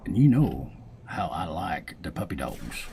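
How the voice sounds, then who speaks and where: A man's voice: sits low, big pitch swings, unhurried, creaky, mellow, slight background noise. A man casually commentating his gameplay, joking around and sometimes reading game lines in silly voices. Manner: joking, reads game dialogue aloud in goofy voices. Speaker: gaming video host.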